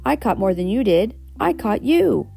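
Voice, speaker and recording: An excitable little storybook girl who squeals and talks back to her brother, as a woman reads her aloud. The tone is mellow and a little gravelly, with faint guitar behind. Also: mid-range voice, normal speed, voice pushed up. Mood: excited. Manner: squealing, shrieking.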